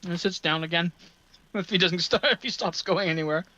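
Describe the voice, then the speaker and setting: A man's voice: sits high, brisk, sharp tone. A man playing a tabletop game in a playful, giggly way, heard through a dull lo-fi mic. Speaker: player.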